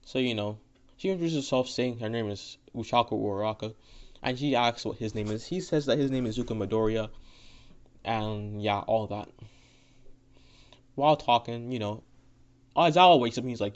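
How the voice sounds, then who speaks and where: A man's voice: medium pitch, normal speed, long pauses. A man narrates a fan story off the cuff, rambling and swearing freely, with constant fillers and false starts. His voice sits in an ordinary mid range. The recording is dull and lo-fi. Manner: rambling, profane, full of fillers and restarts. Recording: dull lo-fi audio.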